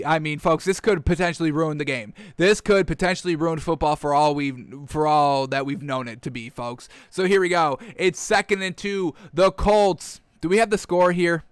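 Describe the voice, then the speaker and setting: High, bright-voiced ranting football commentator. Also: male voice, clean tone, no echo. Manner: excitable, ranting, addresses viewers as folks. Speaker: sports commentator. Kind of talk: solo football commentary rant.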